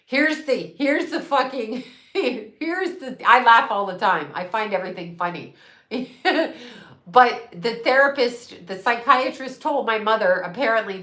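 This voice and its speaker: A woman's voice: a little high, bright, forceful tone, echoey room. A middle-aged woman, a psychic medium, chatting casually and bluntly, swearing freely and laughing often. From United States. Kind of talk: casual livestream chat.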